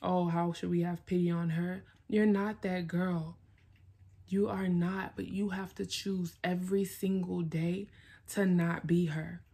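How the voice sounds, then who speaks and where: A woman's voice: lowish voice, little pitch movement, unhurried, gravelly, dark tone, slightly rough. A woman vlogger giving herself a blunt, emphatic pep talk, swearing and repeating herself for emphasis. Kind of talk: self-directed pep talk.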